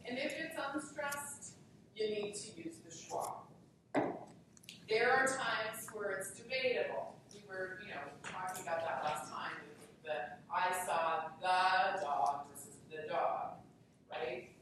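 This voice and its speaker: A woman professor giving a relaxed classroom lecture, full of fillers and asides. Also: medium pitch, slow pace, recorded from a distance. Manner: relaxed, conversational, many fillers. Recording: echoey lecture hall recorded from afar with hiss.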